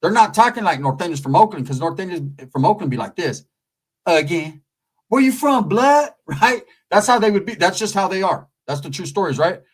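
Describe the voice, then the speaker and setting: Central valley dude telling a wild story, high-ish voice bouncing all over, swears a ton. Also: male voice, quick pace, few pauses, husky. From California Central Valley. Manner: animated, profane, keeps asking "right?". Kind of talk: comedic storytelling.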